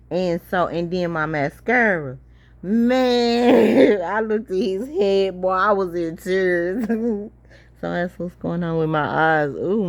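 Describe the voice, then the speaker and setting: A woman, telling a story to her viewers in a casual, profane vlog. She keeps breaking into helpless laughter and is teary-eyed from it. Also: lowish voice. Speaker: vlogger.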